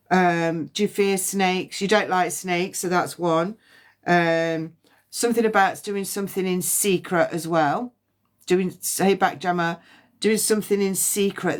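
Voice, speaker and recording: A woman giving a past-life psychic reading on a phone livestream, halting and repeating words as impressions come to her. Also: on the low side. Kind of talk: livestream reading and guided release.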